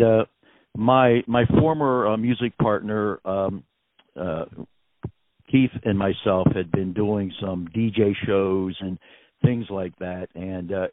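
A man's voice: fairly low pitch, no echo. An American man, a musician, talking in a phone interview in an effusive, gracious way with many fillers. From United States. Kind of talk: phone interview, casual storytelling. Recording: tinny phone line.

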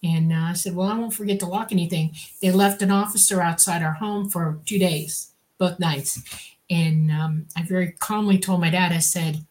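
A woman's voice: on the low side, fairly even intonation, normal speed, darkish tone. A woman co-hosting a talk show, telling a dramatic story with emphasis. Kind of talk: casual storytelling.

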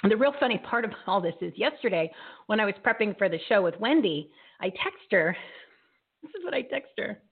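A woman's voice: medium pitch, brisk, husky. Chatty woman host over a tinny line. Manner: chatty, laughs often, excitable. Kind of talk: casual live show chat.

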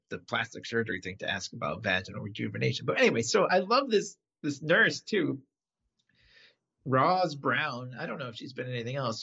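A man chatting casually on a podcast, retelling a TV episode and acting out the characters' lines with big jumps in pitch. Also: creaky, slightly rough, highs cut off. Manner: animated storyteller, acts out quotes with pitch jumps.

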